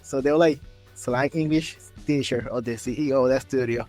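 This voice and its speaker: A man hosting a podcast, telling a story in a lively way and acting out the quotes. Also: medium pitch, fairly quick, soft background music. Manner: animated storyteller, acts out quotes in raised voices. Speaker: podcast host. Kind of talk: casual interview chat.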